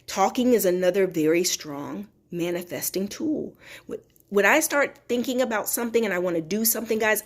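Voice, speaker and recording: A woman giving an emphatic, preachy motivational talk to her viewers, repeating her phrases for effect. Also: mid-range voice. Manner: reads viewer comments aloud. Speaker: motivational host.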